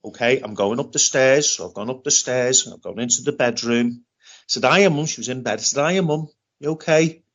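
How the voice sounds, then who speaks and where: A middle-aged British man telling a personal story in an interview, halting and often repeating himself as he restarts. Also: mid-range voice, fairly bright tone. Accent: British English. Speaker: interview guest. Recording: dull lo-fi recording.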